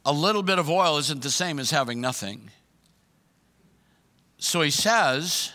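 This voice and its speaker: Bright, high-voiced man preaching. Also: lively intonation, unhurried, long pauses, in a large hall. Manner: emphatic preaching, repeats questions, acts out voices of others. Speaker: pastor. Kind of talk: sermon.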